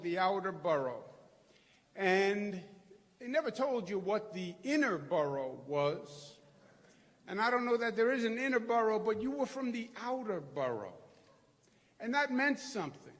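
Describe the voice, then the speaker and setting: A middle-aged man from New York with a Queens accent, giving a rousing, folksy political rally speech as governor to a crowd. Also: sits high. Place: large hall before a crowd. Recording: long hall reverb.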